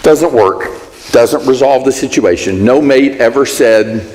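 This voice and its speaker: A man's voice: medium pitch, unhurried, a little mellow, long reverb tail, faint music behind. A man teaching a Sunday Bible class in a conversational way, working through everyday examples. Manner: conversational, gives everyday examples and acts out sample apologies. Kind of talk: church class lesson. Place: church hall.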